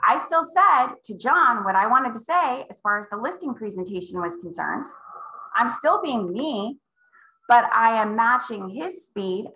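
A woman sales coach leading a live call, emphatic and acting out client conversations with big swings in pitch. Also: sharp tone, reverberant, low-quality recording. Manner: emphatic, role-plays client dialogue with big pitch jumps. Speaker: real estate sales coach.

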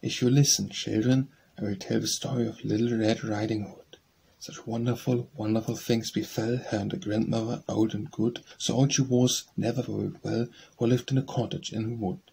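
A man reading a narrative poem for children as an audiobook narrator, in a rhythmic, measured verse style. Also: lowish voice, flat delivery, gravelly, mellow, a little hiss or hum, rough recording.

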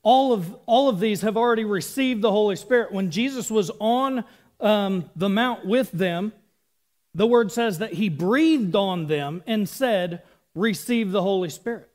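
A man with a notably high voice delivers a sermon in a relaxed, chatty way. He wanders into side remarks. He sounds like he is in his thirties. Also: a little slow. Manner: casual, chatty preaching with asides and laughs. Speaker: preacher.

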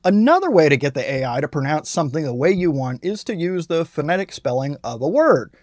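A man narrating a software tutorial voice-over in a plain, explanatory and self-deprecating way, recorded on a close mic. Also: fairly high pitch, very animated, brisk, no echo. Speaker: tutorial host.

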